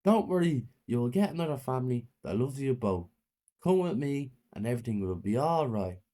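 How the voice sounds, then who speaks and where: A man voicing a male policeman comforting children in a gentle, reassuring way. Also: medium pitch, expressive, fairly quick, close to an everyday voice. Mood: soothing. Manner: soothing, comforting.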